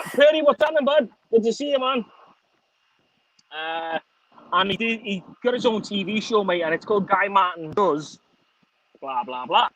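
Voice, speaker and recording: On a laid-back video call with friends, this Liverpool-accented man from Liverpool, England, who hosts the channel, curses nonstop and laughs often. His voice is high with a fairly bright tone, in a low-quality recording.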